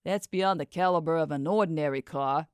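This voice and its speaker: A man's voice: fairly high pitch, brisk, clean tone, no room sound, studio quality, lightly acted. A woman voicing a carefree young backpacking musician in his twenties who talks in a breezy, teasing way, in a storybook reading. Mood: easygoing. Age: 20s.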